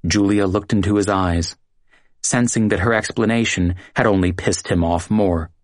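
A man's voice: on the low side, moderate pace, no room sound, clean studio sound. Man narrating a dramatic story.

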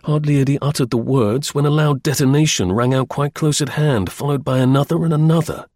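Male narrator, husky voice, measured storytelling, mid-pitched, dry close recording. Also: darkish tone, dry recording. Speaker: audiobook narrator. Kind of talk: first-person audiobook narration.

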